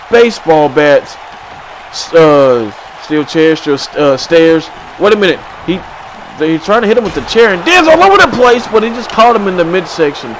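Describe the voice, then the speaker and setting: A man giving excited play-by-play commentary on a video game wrestling match, swinging from low mutters to sudden shouts. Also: rough recording. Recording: crowd and game noise behind.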